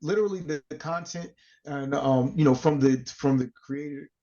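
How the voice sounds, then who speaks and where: Mellow, halting podcast co-host, muffled. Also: male voice, a little high. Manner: halting, restarts phrases while building up a question. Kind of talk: casual podcast chat.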